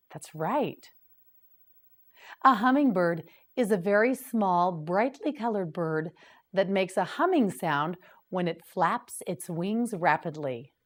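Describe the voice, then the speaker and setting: Woman, patient teacher, beginner vocabulary drill, extremely slow and clear, slightly low voice. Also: a little mellow. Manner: patient, clearly enunciated repetition. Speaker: English teacher.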